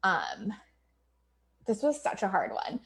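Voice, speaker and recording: A woman's voice: mid-range voice, huge pitch swings, takes it slowly, gravelly. A woman in her thirties talks openly to her community on a livestream, the way a business coach would. Her speech is loose and chatty, full of likes and ums. She laughs often and swears without hesitating. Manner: filler-heavy with many likes and ums.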